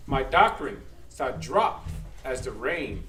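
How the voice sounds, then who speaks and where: Slow, sing-song scripture-reading man. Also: medium pitch, sing-song. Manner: slow, deliberate, solemn reading. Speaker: scripture reader. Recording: echoey room, far from mic, faint noise.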